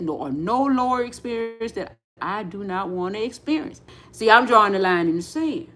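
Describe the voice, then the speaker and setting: A middle-aged woman with a high voice hosts a spiritual livestream, chatting casually. She's animated, says phrases more than once, and performs the voices of people she quotes.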